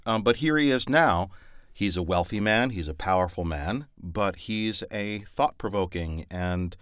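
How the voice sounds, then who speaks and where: Deep-voiced man in relaxed chat. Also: measured pace, clear, resonant tone, no echo, studio quality. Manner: thoughtful, rambling with many fillers. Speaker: audiobook narrator. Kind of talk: casual podcast chat.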